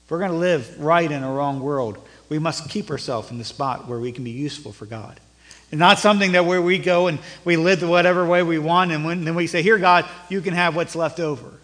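A middle-aged male pastor preaching a sermon, rising to emphatic peaks and then dropping low and conversational. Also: fairly quick, fairly bright tone. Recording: long reverb of a church hall.

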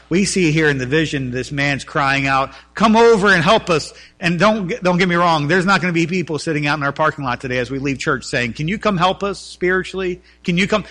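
A male pastor delivering a sermon in church. His voice is bright and clear, sitting slightly high for a man. He swings from loud, emphatic repeated lines to hushed, earnest pleading. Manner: preaching with swings from loud emphatic runs to quiet earnest talk.

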